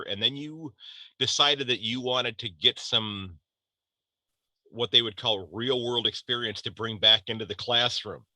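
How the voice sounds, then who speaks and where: A man's voice: fairly low pitch, bright, forceful tone, dry recording. An American man in his fifties hosting a casual podcast chat, talking loosely with frequent restarts. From United States. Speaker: podcast host.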